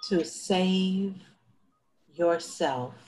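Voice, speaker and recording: A woman playing the gentle ghost of a departed lover, speaking calmly and tenderly in a stage play. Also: fairly low pitch, background noise. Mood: tender, soothing. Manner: slow, calm, ghostly and tender.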